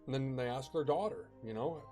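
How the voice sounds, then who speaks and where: A man's voice: medium pitch, a little fast, warm tone, faint music behind. A man casually telling a ghost story, chatty, with fillers and bursts of dramatic emphasis.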